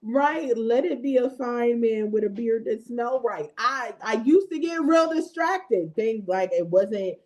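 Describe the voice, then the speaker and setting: A woman in her thirties hosting a faith talk, speaking to viewers in a lively, chatty way and often checking in with "right?" and "okay?". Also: on the high side, a little slow, few pauses, highs cut off. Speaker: host of a faith affirmation show. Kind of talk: casual devotional talk.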